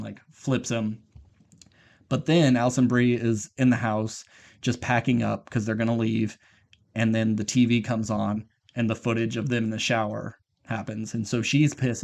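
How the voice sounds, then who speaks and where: A man's voice: medium pitch, vocal fry, darkish tone. A man co-hosting a podcast, casually retelling a movie plot in a rambling way, swearing and acting out the characters' lines. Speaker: podcast co-host. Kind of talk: casual film recap chat.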